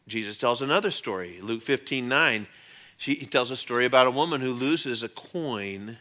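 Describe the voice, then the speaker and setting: A male pastor preaching a church sermon in a conversational, animated storytelling manner. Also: medium pitch, brisk. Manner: animated storyteller, acts out quotes in changing voices; conversational, with fillers and restarts.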